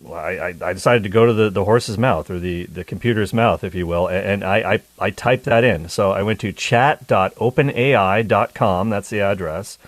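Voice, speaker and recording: A man's voice: on the low side, moderate pace, few pauses, no room sound. A man hosting a call-in radio talk show, chatty and joking with his listeners. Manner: chatty, jokey, upbeat.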